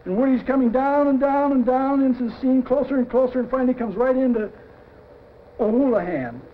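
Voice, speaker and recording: A middle-aged man with a high voice pitches a cartoon storyboard, acting out every sound effect with energy. The recording is dull and lo-fi, with a faint hiss underneath. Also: brisk. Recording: dull lo-fi 1950s TV audio.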